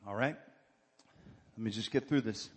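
A man's voice: lowish voice, normal speed, husky, long reverb tail. A male pastor preaching a sermon, calling for amens and building to fervent exhortation. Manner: call-and-response preaching, rising to fervent exhortation.

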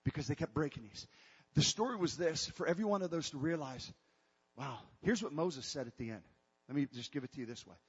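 A male pastor preaching a sermon with call-and-response, rising to shouts. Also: fairly high pitch, animated, brisk, slightly rough. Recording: reverberant hall, dull lo-fi sound.

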